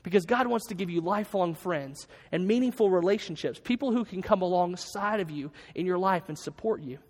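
Man, pastor, earnest sermon, halting delivery, long echo of a hall. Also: sits high. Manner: earnest, halting, with many restarts.

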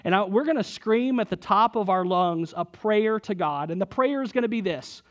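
A young man preaching a sermon, telling a personal story and building to loud, emphatic moments. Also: high-pitched, normal speed, lo-fi sound. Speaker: pastor.

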